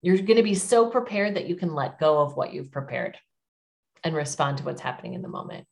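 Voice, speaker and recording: Low-voiced woman coaching on public speaking. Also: expressive, brisk, creaky. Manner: encouraging, emphatic coaching tone. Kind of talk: interview advice.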